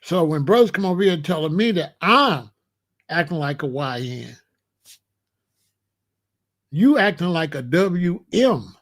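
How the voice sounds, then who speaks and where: Man, middle-aged, high pitch, blunt, repetitive, casual monologue. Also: animated, a little slow, pauses often. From United States. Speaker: commentary channel host.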